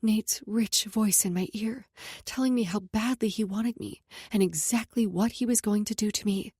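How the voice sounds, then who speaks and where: A woman's voice: medium pitch, normal speed, mellow, breathy edge, dry recording. A woman narrating a romance audiobook in an intimate first-person voice that drops to a whisper in close passages.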